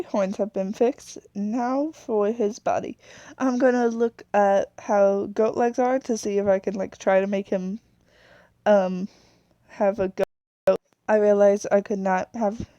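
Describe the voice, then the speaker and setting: A woman's voice: mid-range voice, mellow, dry recording, highs cut off. A woman casually narrating as she designs a character, rambling, correcting herself and trailing off, sometimes apologetic. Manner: chatty and apologetic. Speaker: video creator.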